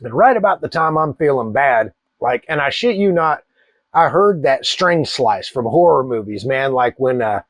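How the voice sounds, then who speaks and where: A man, telling a wild personal story in a profane, animated way. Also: mid-range voice, moderate pace, no room sound. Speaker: cigar channel host. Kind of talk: casual storytelling.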